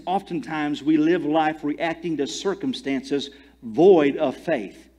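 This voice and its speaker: A pastor preaching a sermon in a storytelling way, rising to loud emphatic peaks and dropping to quiet asides. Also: male voice, a little high.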